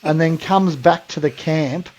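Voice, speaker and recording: A man's voice: on the high side, unhurried, darkish tone, highs cut off. An Australian man co-hosting a podcast, telling a rambling funny story in casual mate slang and laughing along. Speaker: podcast co-host.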